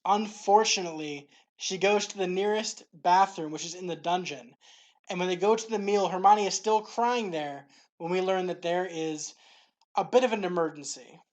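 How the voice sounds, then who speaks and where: Hosting a faith series, a woman reads devotional narration off a script at a moderate pace. She speaks in a somewhat low voice, keeping it clear and steady all the way through.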